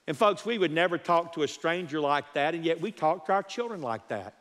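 A man's voice: fairly high pitch, animated, fairly quick, fairly bright tone. A man preaching a sermon with emphasis, repeating his key phrases and counting off numbered points. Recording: long hall reverb.

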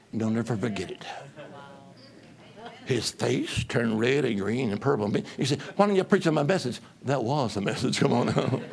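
Middle-aged evangelist, gravelly and fairly high, storytelling sermon with crowd call-outs. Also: male voice. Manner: lively, call-and-response, swings from loud to hushed. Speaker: traveling preacher.

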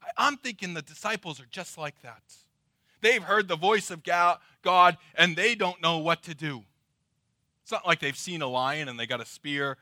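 A middle-aged male pastor preaching with a bright, forceful edge and a slightly high voice. He swings from loud emphasis to hushed, drawn-out words. The sound is dry and close. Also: no room sound. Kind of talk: sermon.

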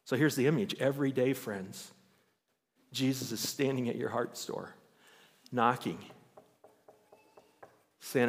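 A man's voice: mid-range voice, steady tone, measured pace, creaky, long pauses, slightly rough. A male pastor preaching a sermon in church. He tells Bible stories with animation and raises his voice to act them out. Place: church sanctuary. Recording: long hall reverb.

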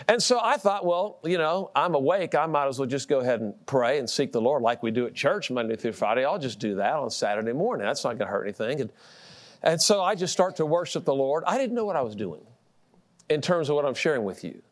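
A middle-aged man preaching a sermon, telling a personal story with lively delivery, repeating words and laughing at himself. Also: medium pitch, fairly quick.

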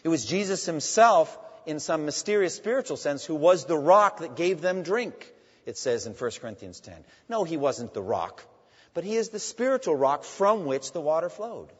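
A man preaching a sermon as a pastor, emphatic and swinging between loud and hushed. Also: a little high, sing-song, normal speed, slightly rough. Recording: dull sound in a long-reverb hall.

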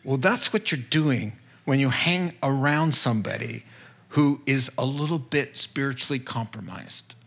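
A man's voice: medium pitch, lively intonation, a little slow, a bit bright, breathy edge. A man preaching a conversational sermon from Proverbs, candid and often checking in with his listeners. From northeastern United States. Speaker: pastor.

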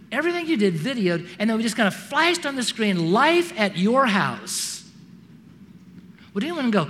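With a high voice, a man preaches a sermon through storytelling, animatedly performing the voices of its characters. The recording has a long reverb tail and a slight hiss or hum.

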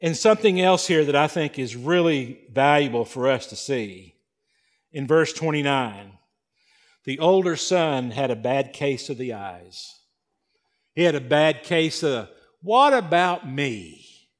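A male pastor delivering a sermon, swinging between loud emphasis and hushed, slow passages. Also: mid-range voice, lively intonation.

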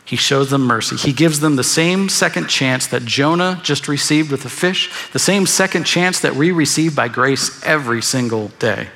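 A man's voice: medium pitch, normal speed, few pauses, fairly bright tone. A man preaching a sermon as pastor, earnest and emphatic, often repeating his key phrases. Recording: long reverb of a large hall.

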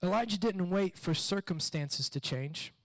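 A man preaching a sermon in a conversational, animated way, retelling a story and repeating questions. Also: high-pitched, measured pace, no room sound. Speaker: pastor.

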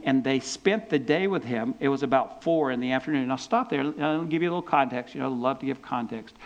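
A man with a fairly high voice teaches from scripture in a relaxed, conversational way. He turns lively as he retells the story. He often stumbles and restarts his sentences as he goes. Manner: animated storytelling with repeated restarts. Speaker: preacher.

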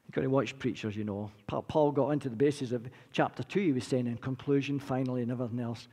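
A man in his sixties preaching a sermon, earnest and repetitive, rising from quiet to impassioned. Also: medium pitch, fast talker, slightly rough. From Britain. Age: 60s. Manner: earnest, building from quiet to impassioned, repeats phrases. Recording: long reverb of a large hall.

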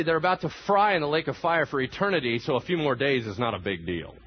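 A man's voice: on the high side, animated, fast, few pauses, breathy edge, dull audio. A man preaching a sermon, telling the story with animation and acting out the voices of the people in it. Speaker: pastor.

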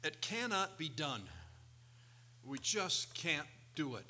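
Bright-voiced male preacher telling stories. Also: fairly high pitch, slow, slight background noise. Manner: animated storytelling with quoted voices. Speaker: pastor. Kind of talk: sermon.

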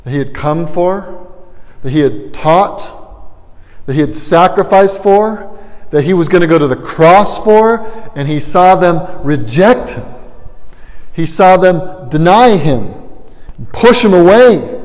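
A man preaching a sermon, earnest, his voice swelling loud on emphatic lines and then dropping low. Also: animated, a little slow, in a large hall, rough recording. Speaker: pastor.

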